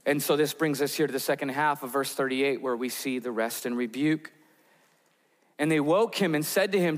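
Preacher in a big echoing hall. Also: male voice, mid-range voice, normal speed. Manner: storytelling, builds tension with vivid scenarios. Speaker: pastor. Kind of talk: sermon.

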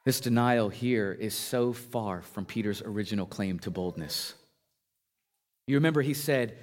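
A man preaching a sermon, retelling a scripture passage with his pitch climbing for emphasis and dropping low on key lines. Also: measured pace. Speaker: pastor.

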